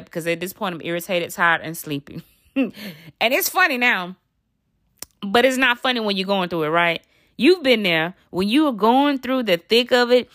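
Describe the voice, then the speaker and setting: A woman hosting a podcast, telling a story to her listeners in an animated, chatty way and calling them sis and child. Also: medium pitch, dry recording, studio quality. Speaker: podcast host.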